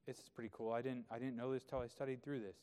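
A man's voice: medium pitch, little pitch movement, fast talker, mellow, in a large hall. A man preaching a sermon as pastor, explaining scripture in a conversational way and often checking in with rhetorical questions.

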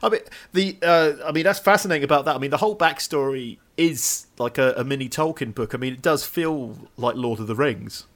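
A man's voice: medium pitch, a bit bright. A man co-hosting a podcast, chatting easily about a film and laughing often. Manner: easygoing, quick to laugh. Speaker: podcast co-host. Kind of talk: casual film chat.

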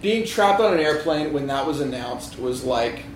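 Man, animated storyteller, lively pitch, casual chat, echoey room, faint background noise. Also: moderate pace. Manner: animated storyteller, laughs often. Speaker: podcast co-host.

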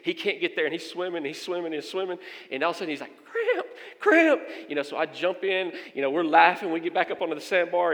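Male pastor, animated storytelling sermon, a bit high-voiced, long hall reverb.

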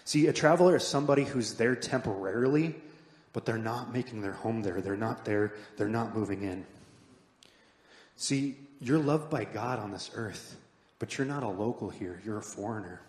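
A man preaching a sermon as pastor, earnest and conversational, rising to stress points and dropping soft at the ends of lines. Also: on the low side, normal speed. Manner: earnest, builds up then drops to soft emphatic endings. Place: church sanctuary. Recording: echoey hall with long reverb.

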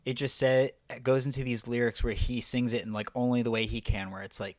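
A man co-hosts a casual podcast chat, talking in a loose, rambling way full of "like" fillers. His voice sits at a middle pitch for a man. The recording is dry and close, with no room sound. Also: flat delivery, a little fast, a little mellow, dry recording. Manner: chatty, heavy use of "like", enthusiastic. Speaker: podcast co-host.

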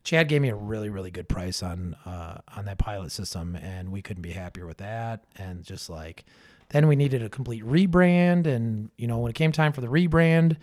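A man's voice: fairly low pitch, lively intonation, moderate pace, darkish tone. A man in his thirties chatting casually as a podcast guest, loose and profane, full of fillers and restarts. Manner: laid-back, heavy swearing, lots of fillers. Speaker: brewery owner guest.

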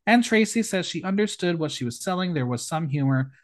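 A male podcast host with a high, lively voice talks briskly as he casually recaps a show. He reads the judges' comments aloud with emphatic, campy flair.

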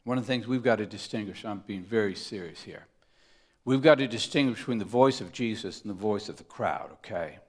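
A man preaching a sermon, emphatic, moving between loud stresses and hushed asides, often asking his listeners rhetorical questions. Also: fairly low pitch, brisk. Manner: asks the congregation rhetorical questions. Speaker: pastor.

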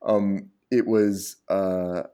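A man guesting on a podcast as a former TV writer, recalling the job in a reflective, halting, self-deprecating way. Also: low voice, flat delivery, mellow, clean tone. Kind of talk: casual interview chat.

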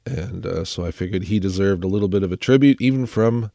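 A man hosts a music radio show while clearly sick, his voice sitting a little low. He rambles casually with plenty of fillers and pokes fun at himself. The sound is dry and close, with no room echo. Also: a little fast, dark tone. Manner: rambling, filler-heavy, self-deprecating. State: sick, under the weather. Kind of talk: casual radio chat introducing songs.

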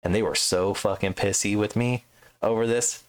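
A man with a low voice tells his old Air Force stories in loose, casual podcast chat. He swears freely and keeps the telling animated, and his voice leaps up whenever he mimics someone else. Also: moderate pace, clean tone. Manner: profane, animated storyteller who jumps high when quoting others.

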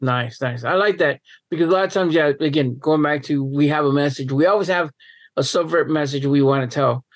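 A middle-aged man hosting a podcast in relaxed, casual chat, laughing easily and swearing freely. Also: fairly high pitch, brisk, no room sound. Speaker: podcast host.

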